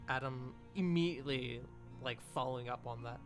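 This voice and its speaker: A man's voice: medium pitch, a little fast, few pauses. Man narrating as game master over music. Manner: loose, descriptive narration with hedges. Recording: background music behind voice.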